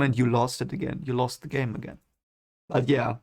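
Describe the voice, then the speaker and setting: Gravelly man reacting casually to a book. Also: mid-range voice, little pitch movement, fast. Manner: chatty, laughs often, frequent fillers. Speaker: book reader reacting to a novel. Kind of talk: casual reading reaction commentary.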